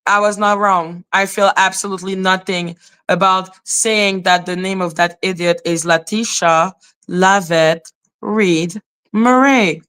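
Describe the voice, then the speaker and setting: A woman's voice: lowish voice, fairly bright tone, clear, resonant tone. A woman hosting a live stream, talking to her chat in a confrontational, scolding way. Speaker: livestream host.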